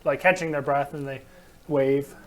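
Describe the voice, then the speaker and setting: A man's voice: medium pitch, steady tone, moderate pace, a crowd in the background. A man narrating as game master in a game store, rambling and laughing between descriptions.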